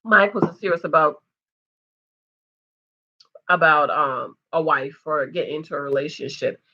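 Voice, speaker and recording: A woman casually recapping a dating show, animated and quick to act out what the cast said. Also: deep voice, lo-fi sound. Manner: animated, mimics the cast in quotes. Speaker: show reviewer.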